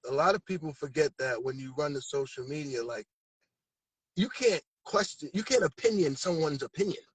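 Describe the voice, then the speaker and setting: A man's voice: fairly high pitch, lively intonation, moderate pace, a little hiss or hum, low-quality recording. A man from Massachusetts, a rapper guest, talking in a laid-back, slangy way in a casual interview. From Massachusetts, USA.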